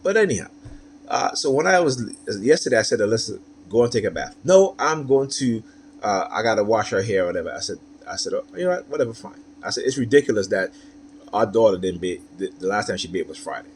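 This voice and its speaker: A man's voice: lowish voice, animated, fast, slight background noise. A man talking through a personal story, rambling and often asking "right?" with many fillers. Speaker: commentator. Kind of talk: personal monologue.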